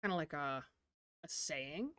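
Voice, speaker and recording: A woman's voice: low-pitched, unhurried, fairly bright tone, no room sound. Woman, co-host, short giggly replies, casual livestream chat, dry sound. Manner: brief, laughing replies.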